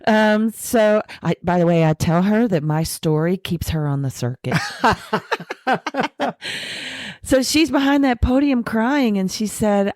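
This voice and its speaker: A woman guest candidly telling her recovery story, acting out quoted voices and slowing down to make her points. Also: fairly low pitch, no room sound, clean studio sound. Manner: frank, animated retelling with acted quotes and self-deprecating laughs; slows down and softens for spiritual points. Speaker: podcast guest.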